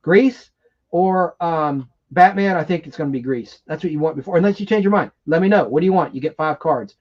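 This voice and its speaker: Excitable man hosting a lo-fi livestream. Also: on the high side, brisk. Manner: rambling, excitable, reads viewer comments aloud. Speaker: livestream host. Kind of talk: casual live chat and trivia hosting.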